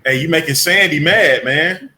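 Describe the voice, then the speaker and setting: A man's voice: on the high side, moderate pace, pushed and bright, slight background noise. A man co-hosting a casual wrestling talk show, often laughing, teasing his partner and hyping the topic. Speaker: podcast co-host.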